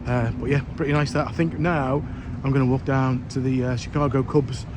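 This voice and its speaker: In a laid-back travel vlog, a tired man chats and cracks self-deprecating jokes in a brisk, mid-range voice with a steady tone. The clip carries loud street and crowd noise.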